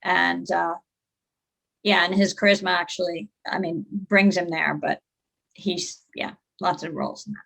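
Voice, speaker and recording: Woman, discussion facilitator, video call, vocal fry, conversational, fillers. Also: fairly low pitch, steady tone, a little slow, fairly bright tone, rough recording. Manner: conversational, thinks aloud with fillers. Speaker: group facilitator.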